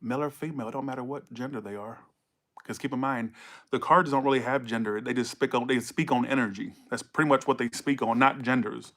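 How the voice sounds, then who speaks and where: A man's voice: mid-range voice, fairly even intonation, a little fast, a bit bright. A man giving a casual tarot reading to camera, blunt and profane, scolding viewers and repeating himself for emphasis. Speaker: tarot reader.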